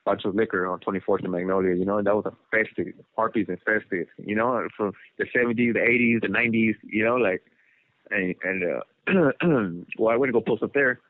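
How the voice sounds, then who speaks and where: A man serving a prison sentence, originally from Los Angeles, tells his life story by phone in a casual, rambling manner, leaning on fillers like "you know" and "like." His voice is on the low side at a normal speed, with no echo, though the prison line is tinny.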